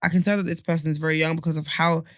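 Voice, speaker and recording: A young man co-hosting a podcast, chatting in an animated, slangy way and reading listener messages aloud. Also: on the high side, rapid-fire, smooth, no echo, studio quality. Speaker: podcast co-host. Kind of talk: casual chat.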